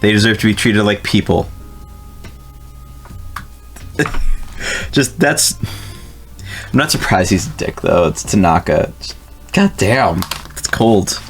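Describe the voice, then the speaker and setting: A New Jersey gamer with a lowish, animated voice speaks slowly with vocal fry and long pauses while faint music plays. Casually streaming, he reads the game text aloud, talks to viewers, and laughs and swears a lot.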